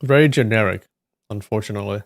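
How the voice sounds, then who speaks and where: A man's voice: on the low side, quick pace, gravelly, no room sound. A man hosting a live stream, chatting casually and with amusement while he tastes snacks. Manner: musing, amused, trailing asides.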